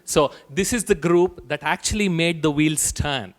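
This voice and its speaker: A man's voice: a little high, a little slow. A man from India hosting a gathering on a handheld mic, thanking the volunteer team and calling people forward. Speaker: event host. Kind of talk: addressing a gathering.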